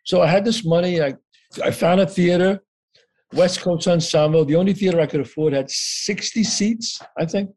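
A man's voice: high voice, normal speed, darkish tone. A man telling a story as an interview guest, acting out the dialogue and swearing casually.

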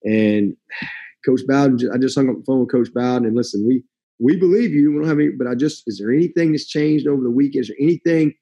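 A middle-aged man, a college football coach, telling a story in a casual, animated way and acting out the voices of the people he quotes. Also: medium pitch, a little fast, lo-fi sound.

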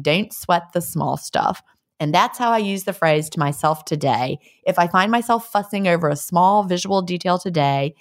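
A woman co-hosting a casual chat, reading listener letters and playing with quirky phrases. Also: fairly low pitch. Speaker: podcast co-host.

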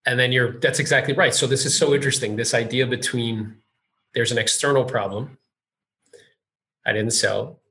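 A man's voice: mid-range voice, fairly even intonation, normal speed, pauses often, pushed and bright. Chatty man hosting an interview. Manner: eager, chatty, retells stories with lots of "like". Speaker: podcast host. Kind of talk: casual interview chat.

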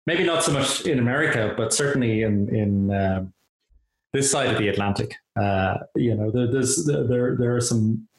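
A man's voice: mid-range voice, moderate pace. An Irish man hosting a casual interview, talking in a friendly, rambling way with many restarts. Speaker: host. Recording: roomy echoey audio.

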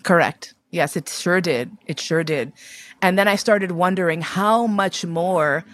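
A woman's voice: on the low side, unhurried. A woman in her fifties from New York City, telling personal stories candidly and expressively, swearing casually. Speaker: guest.

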